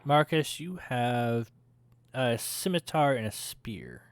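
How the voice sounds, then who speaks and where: A man running a tabletop game as game master, narrating in a slow, hesitant way with many fillers. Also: mid-range voice, big pitch swings, slight background noise.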